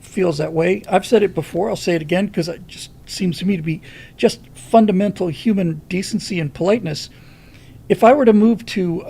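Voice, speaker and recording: A man's voice: sits high, vocal fry, a little mellow, husky. A man hosting a live stream, giving a rambling monologue of political commentary with lots of fillers and restarts.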